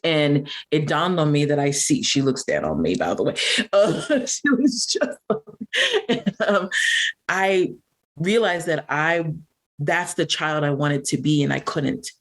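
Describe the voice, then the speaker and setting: A woman's voice: sits low, very animated, slow. Reflective middle-aged woman, laughing often. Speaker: podcast guest. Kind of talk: candid personal interview.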